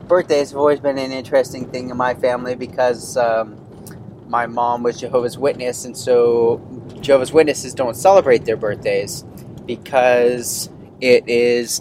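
A man's voice: mid-range voice, a little mellow, a little hiss or hum. Rambling man in his thirties, podcast host. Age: 30s. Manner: rambling, candid storytelling with many fillers. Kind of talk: casual solo podcast monologue.

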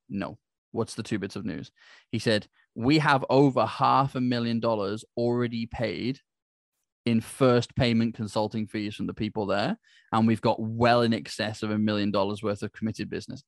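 A man telling a business story in a casual, animated way, acting out the dialogue. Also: medium pitch, dry recording, clean studio sound. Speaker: business speaker. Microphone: handheld microphone.

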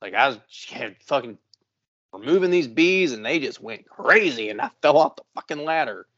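A man co-hosting a podcast, telling a long story in a casual, profane, animated way. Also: mid-range voice, normal speed, lo-fi sound. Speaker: podcast co-host.

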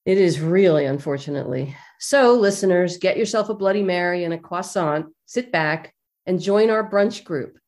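A woman's voice: medium pitch, normal speed. A woman psychologist co-hosting a podcast, inviting listeners in a scripted intro.

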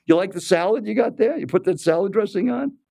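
A scornful, health-obsessed stranger on a plane scolds his seatmate over every item on the meal tray, as an older man puts him on. His voice jumps sharply upward in pitch as he lectures, annoyed but never loud. The sound is dry and close. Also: lively intonation, quick pace, gravelly, no room sound, heavily acted. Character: blunt health-obsessed male airline seatmate.

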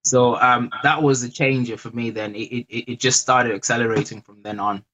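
A man guest in an interview, speaking hesitantly with frequent pauses and restarts. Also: medium pitch, fairly even intonation, pushed and bright, low-quality recording. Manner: hesitant, many fillers and restarts. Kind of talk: casual interview.

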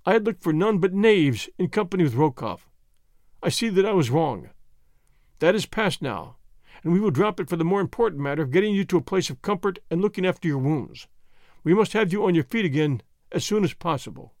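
A man's voice: sits high, expressive, fairly quick, darkish tone, no echo, studio quality. A man voicing a fierce, vengeful jungle-raised English lord, growling menacing demands. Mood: apologetic.

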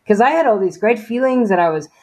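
A woman's voice: a little high, animated, quick pace, darkish tone. Earnest woman sharing a faith testimony. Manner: earnest, conversational, many fillers. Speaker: interview guest.

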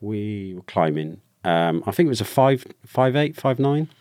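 A British man, a former soldier, telling a personal story openly in a podcast conversation, with halting restarts. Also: lowish voice, animated, darkish tone, dry recording. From Britain. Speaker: guest, ex-soldier.

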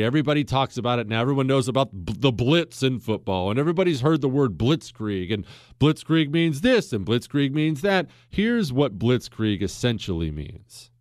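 A man's voice: mid-range voice, no echo, clean studio sound. A man hosting a podcast, telling history in a casual, jokey way and acting out quotes in silly voices. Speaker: podcast host.

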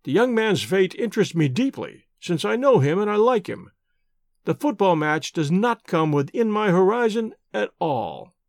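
Brief: male reader playing a stern, curt middle-aged doctor, high and bristling. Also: sing-song, normal speed, gravelly, no echo, clean studio sound, full character voice. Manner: curt, indignant, clipped replies.

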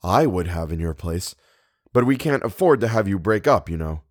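Reader putting on a sly mocking young woman, bit higher voice, dry recording. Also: lively intonation, moderate pace, no room sound. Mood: soothing. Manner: mocking, lightly sarcastic. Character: teasing, sharp-tongued young woman.

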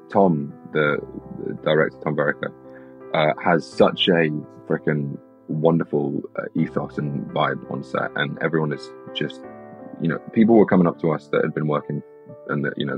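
A young British man, an actor, chatting casually in an interview, telling rambling, animated stories with lots of restarts. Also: very deep voice, normal speed, vocal fry, faint music behind. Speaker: actor guest. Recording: slightly dull lo-fi sound.

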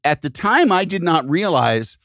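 A man, hosting a casual podcast and chiming in with quick affirmations. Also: on the high side, sing-song, a bit bright, no room sound, studio quality. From outside Chicago, US. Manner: chatty with frequent affirmations. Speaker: podcast host.

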